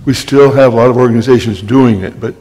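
An older man, a guest speaker, telling wry anecdotes in a storytelling talk and clearing his throat often. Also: medium pitch, fairly even intonation, fast talker, warm tone. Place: library talk hall. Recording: long hall reverb.

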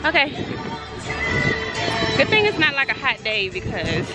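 A woman in her thirties films a casual family vlog outdoors on a farm, holding her phone and joking in a playful, upbeat way. Her high voice swings widely in pitch at an unhurried pace, with loud background music over the vlog.

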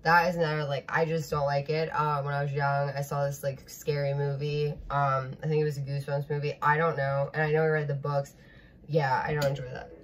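A young woman chats casually while reacting to a video, giggling and squeamish, in a notably low voice. There is a faint hiss of room noise behind her. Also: level tone, a little fast.

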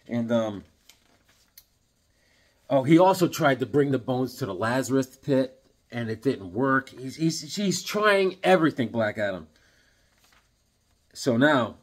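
A man reviewing comics in a casual, excitable, rambling way, full of fillers. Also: medium pitch, slow pace, long pauses.

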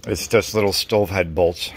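A man's voice: deep voice, steady tone, moderate pace, a little hiss or hum. Chatty middle-aged man in his garage. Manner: rambling, chatty, mild cursing. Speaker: garage vlogger. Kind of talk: casual workshop chat. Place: home garage. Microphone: phone camera.

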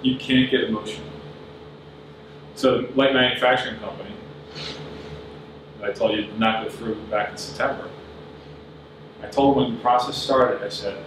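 A man's voice: mid-range voice, fairly even intonation, normal speed, pauses often. A man giving a business talk at a conference, earnest and plain-spoken as he advises the audience. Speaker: conference speaker. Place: large conference room. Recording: very echoey hall, voice from far off, audible noise.

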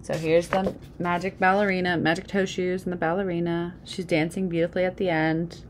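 A woman's voice: on the low side, little pitch movement, a little fast, a little hiss or hum. A woman reading a children's picture book aloud, adding casual asides about the pictures. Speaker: storybook reader.

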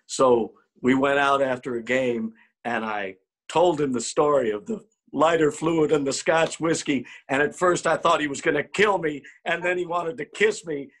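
A man with a slightly high, husky voice spins an old clubhouse tale. He acts out each quote and trips over repeated words as he gets excited. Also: moderate pace. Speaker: former ballplayer telling a clubhouse story. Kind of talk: anecdotal storytelling.

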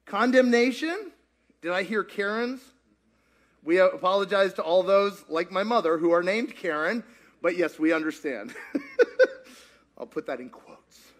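Animated high-voiced man teaching a crowd. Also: a little slow, long pauses. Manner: playful, jokey, asks the crowd questions. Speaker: pastor leading a group discussion. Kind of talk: interactive teaching talk with audience.

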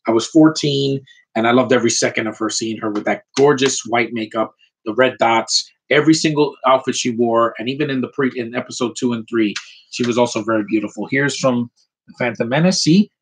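Husky-voiced man ranting through his collection. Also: mid-range voice. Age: 30s. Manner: opinionated, frequent mild swearing, rambling asides. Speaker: collector showing his items. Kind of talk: casual ranting vlog.

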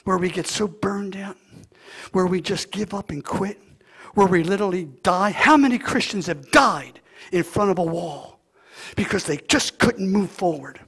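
Male pastor, high gravelly voice, preaching, drops to hushed tones then builds to loud fervor. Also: normal speed. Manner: swings from hushed near-whisper to loud impassioned preaching. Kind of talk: sermon.

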